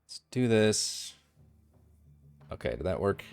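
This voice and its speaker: A man's voice: on the low side, very animated, takes it slowly, gravelly, a little mellow, clear, resonant tone, dry recording. A man running an online tabletop game as game master, talking casually and thinking aloud with many fillers.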